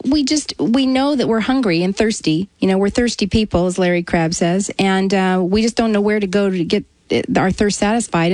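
A woman's voice: medium pitch, no echo, poor audio. A woman talks earnestly in a conversational interview, telling a personal story. She livens up when she voices the people she quotes. The sound is dry and close, with no room around it. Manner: earnest storytelling, animated when quoting others. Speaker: author and guest.

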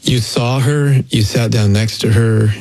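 A woman's voice: extremely low pitch, a little slow, warm tone. A woman hosting a casual chat, asking questions and reacting to a guest's story. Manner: attentive, brief responses.

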